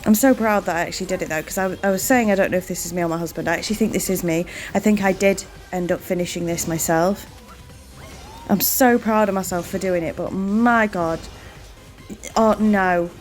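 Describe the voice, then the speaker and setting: A woman hosting her gaming channel, giving chatty, rambling let's-play commentary and warmly thanking her viewers. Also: on the low side, a little fast, soft background music.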